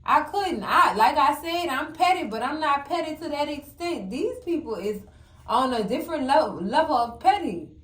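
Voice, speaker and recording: Woman recap host, high voice, fiery, chatty, echoey room. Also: normal speed. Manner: animated, exclamatory, addresses viewers as cousins. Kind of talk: casual TV recap commentary.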